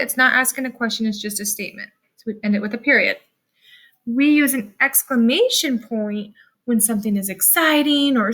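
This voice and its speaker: A woman teacher giving a recorded lesson to children, speaking slowly and clearly with strong emphasis. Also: a little high, fairly bright tone.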